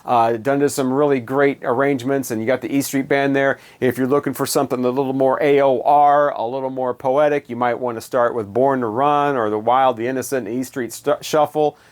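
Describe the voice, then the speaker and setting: A man's voice: mid-range voice, fairly even intonation, fairly quick, few pauses. A man reviewing albums in a casual, rambling way with many fillers and wry asides. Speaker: music reviewer.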